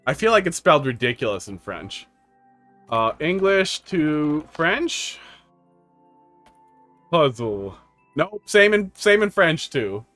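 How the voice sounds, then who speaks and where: A man from the United States, his voice on the high side and pushed and bright, live-streams casual, joking commentary on viewer-made game levels. He rambles and laughs often.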